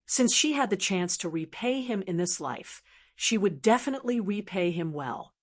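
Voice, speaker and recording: A woman narrating an audiobook with steady, even storytelling. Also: medium pitch, normal speed. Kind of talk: scripted narration.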